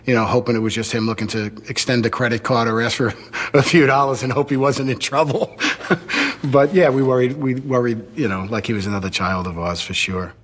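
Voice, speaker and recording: A man's voice: mid-range voice, fairly quick, a bit bright. A man who managed a boxer, recalling him fondly and reflectively in an interview and retelling old phone calls. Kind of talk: casual interview recollection.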